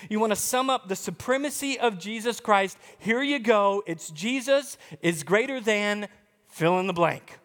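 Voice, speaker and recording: Animated high-voiced man preaching. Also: measured pace, big-room sound. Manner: storytelling, animated, emphatic. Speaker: pastor. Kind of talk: sermon.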